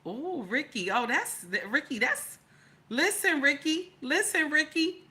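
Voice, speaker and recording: A woman with a high, bright voice hosts a casual live stream and reads her viewers' comments aloud. She talks in a sassy, teasing, chatty way, and often breaks into loud laughing outbursts. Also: lively intonation, a little slow. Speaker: live stream host reading chat.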